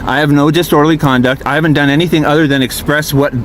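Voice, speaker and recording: A man sitting in his vehicle, telling his grievance in a fast, profane, aggrieved rush while filming on his phone. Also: fairly high pitch, fairly even intonation, slight background noise. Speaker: RV park guest filming a police encounter. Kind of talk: agitated venting monologue.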